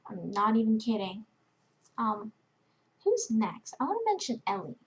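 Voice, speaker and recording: A woman's voice: mid-range voice, sing-song, a little slow, pauses often, slightly rough, low-quality recording. A young woman rambling affectionately to friends in a casual vlog, gushing and interrupting herself with many fillers. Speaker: vlogger giving shout-outs to roleplay friends. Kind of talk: casual rambling chat to camera.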